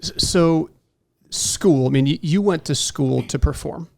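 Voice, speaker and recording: A man hosting a podcast interview, talking quickly in a self-deprecating, friendly way. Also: a little high, creaky, darkish tone, no room sound. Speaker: podcast host. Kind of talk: casual interview chat.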